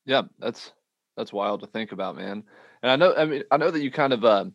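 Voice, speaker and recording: A man hosting a podcast, asking loose, relaxed questions in a casual interview. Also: medium pitch, a little fast, dry recording, highs cut off. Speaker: podcast host.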